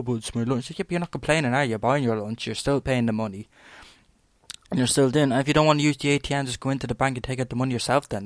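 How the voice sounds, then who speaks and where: A young Irish man holds forth in a loose, rambling rant, blunt and peppered with swearing. His voice sits in an ordinary middle pitch. The recording is dry and close, with no room sound. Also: no room sound. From Ireland. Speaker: podcast host. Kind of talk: ranting opinion monologue.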